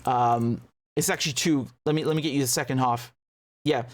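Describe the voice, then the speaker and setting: A man's voice: mid-range voice, steady tone, fairly quick. A man giving indignant, sarcastic commentary as he reacts to news clips. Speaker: political commentator.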